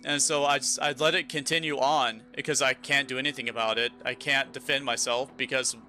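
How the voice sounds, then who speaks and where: A man's voice: medium pitch, steady tone, brisk, pushed and bright. A young man streaming a game, chatting casually and telling a long story with frequent restarts. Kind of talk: casual chat while gaming.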